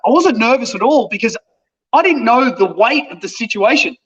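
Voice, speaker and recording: A man, an actor, telling a funny story about himself in a casual, animated way. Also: extremely high pitch, brisk. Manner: self-deprecating, animated. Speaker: actor, guest. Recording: dull lo-fi sound.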